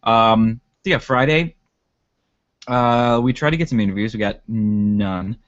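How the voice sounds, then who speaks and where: A man's voice: fairly low pitch, measured pace, no room sound, dull audio. A man co-hosting a podcast in casual chat, rambling with lots of fillers and laughs. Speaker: podcast co-host.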